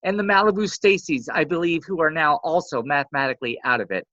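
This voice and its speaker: A woman's voice: low-pitched, fast talker, dry recording. A woman co-hosting a casual podcast, running through league standings. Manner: rundown of standings with lively ups and downs. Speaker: co-host. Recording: dry, dull lo-fi audio.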